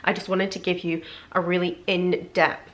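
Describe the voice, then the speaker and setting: A young woman with a British accent, chatting excitedly through an unboxing vlog, gushing and filling her talk with "like". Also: lowish voice, moderate pace. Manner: gushing, chatty, many fillers like "like". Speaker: beauty and lifestyle vlogger.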